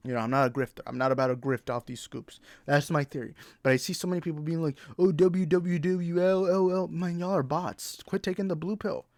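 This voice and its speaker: A man's voice: mid-range voice, fast, few pauses, dry recording. Fired-up young man ranting, dry sound. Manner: blunt, profane, exasperated. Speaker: movie talk show host. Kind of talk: heated ranting commentary.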